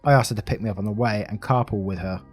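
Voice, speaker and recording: A man reading reddit stories aloud in a steady, matter-of-fact way, as the channel's narrator. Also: lowish voice, very fast, husky, soft background music.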